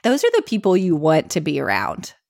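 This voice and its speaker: A woman's voice: fairly quick, gravelly. A woman from Middle Tennessee with a Southern accent, co-hosting a podcast in casual, chatty conversation. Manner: chatty, laughs easily, lively swoops in pitch. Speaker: podcast co-host. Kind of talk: casual chat.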